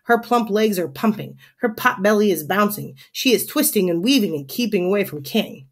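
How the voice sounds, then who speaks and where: A woman teacher reading a children's chapter book aloud to her class in an expressive, animated way. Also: medium pitch, normal speed, husky.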